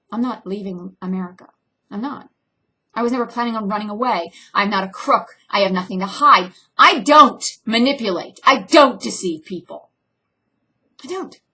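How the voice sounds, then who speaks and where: A young woman with a husky but bright, forceful voice delivers a blunt, intense personal vlog monologue. Her loudness swings suddenly between hard, raised lines and quiet ones. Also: medium pitch. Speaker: actress and filmmaker.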